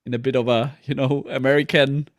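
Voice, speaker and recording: A man's voice: medium pitch, level tone, fairly quick, dry recording, studio quality. A man from Germany, joining a casual panel chat and talking in a wry, self-deprecating way.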